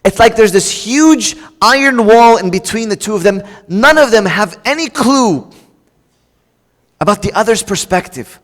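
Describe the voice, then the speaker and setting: A middle-aged male pastor preaching a sermon, lively and casual, acting out quoted husbands and wives in raised voices. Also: high-pitched, a little slow. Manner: animated, acts out quoted spouses in a raised voice. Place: church. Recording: long reverb of a church hall.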